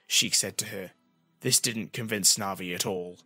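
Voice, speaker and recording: A man narrating a fantasy audiobook in an expressive storytelling manner. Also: sits low, moderate pace, dry recording, faint music behind.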